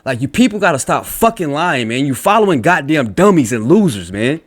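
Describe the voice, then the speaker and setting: Here a man who is a religious commentator rants angrily and profanely at online comments, reading them out and lecturing in a blunt, combative way. His voice is on the high side with big pitch swings, and he talks a little fast.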